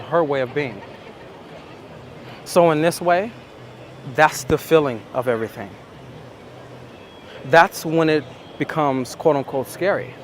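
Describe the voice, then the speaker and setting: A man talking as a dating coach, slow and emphatic, repeating his points in a reflective monologue. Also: medium pitch, slight background noise.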